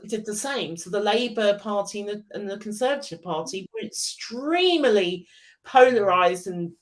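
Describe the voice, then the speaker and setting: A woman's voice: medium pitch, low-quality recording. A British woman co-hosting a podcast, talking casually and often restarting her sentences. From United Kingdom. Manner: halting, many restarts and repetitions. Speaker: podcast co-host. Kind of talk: casual chat.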